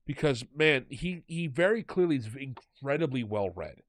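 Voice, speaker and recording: A man co-hosts a podcast in casual chat, ranting with exasperation. His voice sits at a middle pitch and swings widely up and down. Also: animated, normal speed, dry recording. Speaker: podcast co-host.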